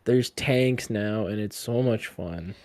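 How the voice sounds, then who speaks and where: A young man co-hosting a podcast, teasing his friends with deadpan jabs in casual chat. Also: lowish voice, takes it slowly, no room sound, clean studio sound. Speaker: podcast co-host.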